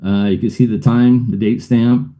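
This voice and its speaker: A man's voice: mid-range voice, steady tone, moderate pace, dull audio. A middle-aged man, a guest on a show, telling a personal story in a rambling way, with many fillers and uneasy laughs.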